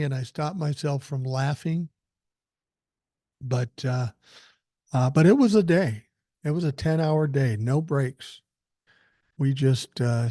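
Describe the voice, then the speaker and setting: A man's voice: medium pitch, mellow, no room sound. Profane older man telling stories. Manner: blunt, profane storytelling. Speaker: podcast host. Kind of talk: casual commentary.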